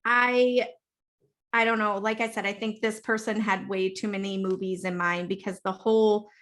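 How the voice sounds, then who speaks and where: A woman co-hosting a casual movie review podcast, laughing often and acting out characters in quick funny voices. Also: mid-range voice, level tone, a bit bright. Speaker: podcast co-host.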